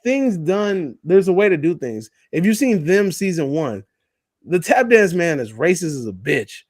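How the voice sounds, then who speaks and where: A man's voice: high-pitched, big pitch swings, measured pace, darkish tone, dry recording. A man co-hosting a casual live stream chat, loose and joking and cursing freely.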